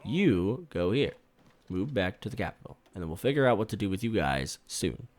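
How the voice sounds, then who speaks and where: A man giving casual, swear-laced commentary while playing a strategy game, bursting out loudly when things go wrong. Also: low-pitched, big pitch swings, fast talker, no echo. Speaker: gaming YouTuber.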